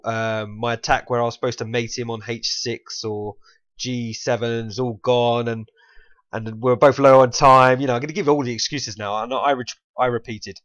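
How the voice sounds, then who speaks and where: A mid-pitched man from England talks through his own chess game in a loose, rambling way. He keeps stopping to correct himself and laughs at his own slips. The recording sounds dull and lo-fi. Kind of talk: casual game commentary.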